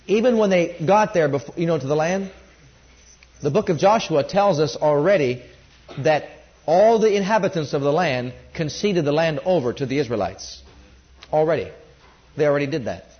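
A man preaching a sermon, rising loud on key points and dropping low when quoting scripture. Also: lo-fi sound.

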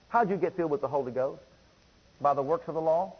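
A man's voice: on the high side, fairly quick, slightly rough, dull audio. A man preaching a sermon, driving home points by repeating phrases and reading scripture aloud.

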